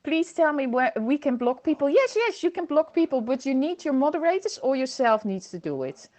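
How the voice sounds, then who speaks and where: A woman's voice: sits high, sing-song, brisk, a little mellow. A woman hosting a casual livestream from home on her computer, reading viewer comments aloud and laughing often. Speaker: livestream host. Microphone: computer microphone.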